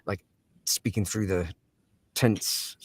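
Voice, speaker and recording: A man's voice: low voice, fairly even intonation, takes it slowly, slightly rough, no room sound, studio quality. A man who narrates audiobooks, talking through his craft in a casual interview, thoughtful and given to laughs and fillers.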